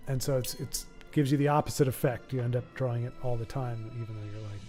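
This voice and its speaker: A man casually commenting on his card game during a live stream, explaining strategy with quick asides. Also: mid-range voice, warm tone, faint music behind.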